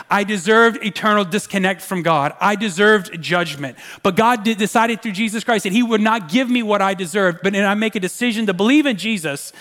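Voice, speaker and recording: Animated high-voiced male preacher. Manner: conversational, animated preaching with pleading asides. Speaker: pastor. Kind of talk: sermon.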